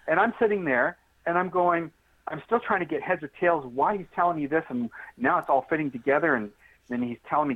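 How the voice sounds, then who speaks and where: A man's voice: fairly high pitch, fast. Man telling a story over a phone line. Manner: animated, straightforward storyteller acting out dialogue. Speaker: interview guest. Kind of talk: storytelling in a podcast interview.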